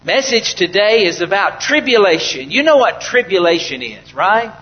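A man with a notably high voice preaches to his congregation, asking questions and swelling into impassioned outbursts. The recording sounds muffled and lo-fi. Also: very animated, normal speed. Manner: preaching with rising fervor, rhetorical questions to the congregation. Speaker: pastor. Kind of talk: sermon.

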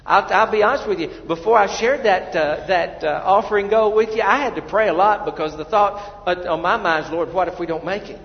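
A man preaching a sermon as pastor, animated, swinging between loud urging and hushed asides. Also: sits high, brisk, hardly any pauses. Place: church sanctuary. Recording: dull, reverberant church hall.

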